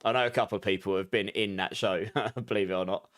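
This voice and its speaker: A man's voice: on the low side, fairly even intonation, a bit bright. A man in his thirties with an Essex accent, chatting casually with viewers while streaming a game and reading out their messages. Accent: Essex English. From southeast England. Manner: chatty, reads out viewer messages, quick asides. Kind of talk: casual live-stream chat.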